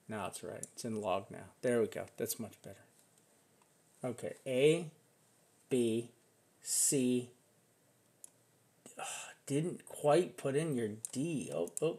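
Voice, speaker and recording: A man's voice: mid-range voice, expressive, slow, long pauses, darkish tone, slightly rough. A man casually walking through crypto price charts, rambling and restarting his sentences as he thinks aloud. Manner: swears casually. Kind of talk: casual live chart analysis.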